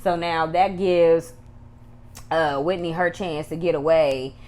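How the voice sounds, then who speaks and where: A woman with a low voice gives a casual, slangy recap of a TV episode. She is chatty and animated, slipping into the characters' lines as she tells the story and laughing at her own jokes. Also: slow, soft background music. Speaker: YouTube TV reviewer.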